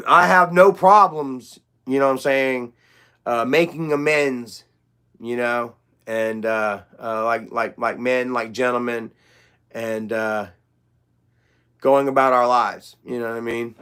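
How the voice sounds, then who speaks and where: A man's voice: mid-range voice, fairly even intonation, takes it slowly, sharp tone, clean tone. A young man hosting a casual livestream chat, rambling, loose and profane, with lots of fillers. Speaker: livestream host.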